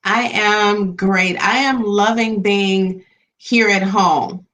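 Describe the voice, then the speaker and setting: A woman relationship coach chats as a guest in a bright, clear voice. She sounds upbeat and confident, and her pitch sits in the middle. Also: slow, poor audio. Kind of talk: casual interview chat.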